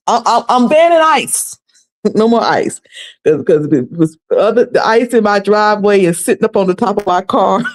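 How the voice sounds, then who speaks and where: A woman's voice: medium pitch, a little mellow. A woman from North Carolina chats her way through a home livestream. She rambles, loops back over the same phrases and laughs easily as she talks to her viewers. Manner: rambling, chatty, repeats herself, laughs often. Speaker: livestream host. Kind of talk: casual livestream chat. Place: home, a noisy washing machine upstairs.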